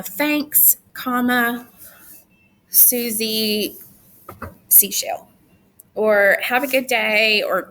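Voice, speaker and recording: A woman's voice: fairly high pitch, vocal fry, pushed and bright, slight background noise. A young adult woman teacher giving recorded instructions to her students, chatty and firm with teasing asides.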